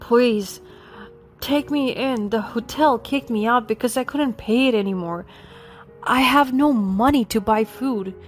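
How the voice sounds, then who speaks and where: A woman voicing a desperate, broke husband who pleads slowly for forgiveness, with faint music behind. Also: on the high side, lightly acted. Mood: pleading.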